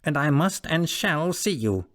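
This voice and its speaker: A firm, resolute lawyer's voice, raised in pitch and louder, issuing demands with stern authority, as a narrator puts him on. He is a storybook figure in an audiobook reading. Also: big pitch swings, unhurried. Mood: commanding. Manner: stern and commanding. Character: stern middle-aged male lawyer, resolute.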